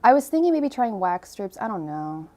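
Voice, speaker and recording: A woman's voice: mid-range voice, big pitch swings, moderate pace, warm tone. Young woman doing a tarot livestream, chatty, rambles a lot, says hi to everyone. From Ireland. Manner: chatty, rambling, greets viewers by name. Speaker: tarot reader and livestream host. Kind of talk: casual livestream chat.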